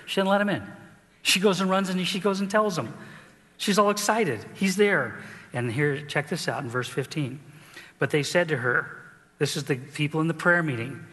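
Middle-aged male pastor, animated preaching. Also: a little high, moderate pace, long reverb tail. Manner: animated storytelling, acting out characters in the story. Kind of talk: sermon.

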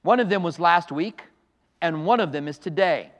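High-voiced man preaching in a church hall. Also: moderate pace, highs cut off. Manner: emphatic, conversational preaching with asides. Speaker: pastor. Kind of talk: preaching a sermon with prayer. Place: church sanctuary.

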